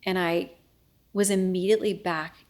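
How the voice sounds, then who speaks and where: A middle-aged woman recounts a personal ordeal as an interview guest, earnest and often falling to a near-whisper when she replays a conversation. Her voice sits a little low, with a gravelly fry. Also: little pitch movement, normal speed. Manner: earnest, reenacts dialogue, often drops to a hushed voice. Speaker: news anchor and guest. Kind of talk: emotional personal storytelling in interview.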